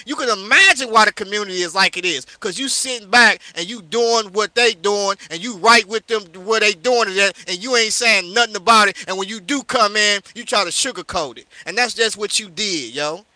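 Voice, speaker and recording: In a heated livestream rant, this St. Louis man, a street preacher leading a live discussion, berates a listener, peppering his speech with "yo" and "you know what I'm saying." He speaks at normal speed in a high, pushed, bright voice with no echo.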